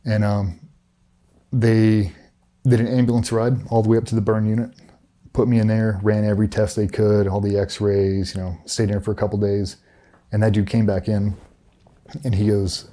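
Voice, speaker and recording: A man's voice: lowish voice, flat delivery, moderate pace, dark tone. A middle-aged man recounting a personal story in a candid interview, blunt and matter-of-fact, with frequent swearing. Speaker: interview guest, former special operations veteran.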